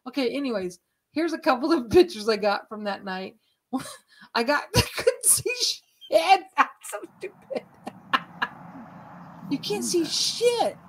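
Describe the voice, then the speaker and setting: A high-voiced woman vlogging a night ghost hunt, her pitch jumping all over as she tells the story. She swears freely and talks unhurriedly, sometimes dropping to a hushed whisper. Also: slow, long pauses. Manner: profane, laughing, excitable storytelling. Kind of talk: casual vlog narration.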